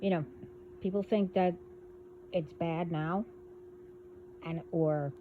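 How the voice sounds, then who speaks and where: A woman hosting a casual spiritual monologue, talking in a rambling, halting way as she delivers warnings. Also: lowish voice, fairly even intonation, narrow, tinny audio, a little hiss or hum. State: hiccups. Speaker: spiritual video host.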